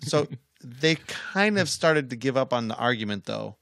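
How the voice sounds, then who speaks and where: A man's voice: mid-range voice, expressive, normal speed, vocal fry, a bit bright, dry recording. A middle-aged man co-hosting a casual podcast. He tells a story in a firm, easy way and swears freely. His voice sits in a middle register, close and dry on the mic. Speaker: podcast co-host.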